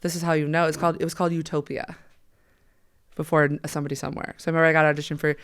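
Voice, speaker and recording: A woman hosting a podcast, chatting casually in a quick, animated way with frequent laughs. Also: low-pitched. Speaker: podcast host. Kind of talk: casual chat.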